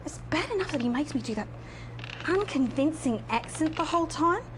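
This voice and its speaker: A woman's voice: high voice, expressive, fairly quick, noisy background. An actress playing a sly, mocking female TV host who tempts the player toward bad choices, in a video game. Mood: irritated. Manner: teasing, mocking, purring. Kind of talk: video game live-action acting.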